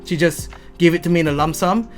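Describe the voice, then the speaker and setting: A man's voice: on the high side, fast, soft background music. A young man, telling heartfelt, rambling stories about his sneaker collection and often stumbling and restarting. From Malaysia. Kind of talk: heartfelt rambling storytelling to camera.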